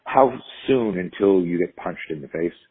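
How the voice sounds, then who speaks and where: Husky deep-voiced man telling stories. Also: moderate pace, phone-quality sound. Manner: animated, acts out quotes in stories, frequent restarts and swearing. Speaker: self-defense instructor, podcast guest. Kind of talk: conversational storytelling.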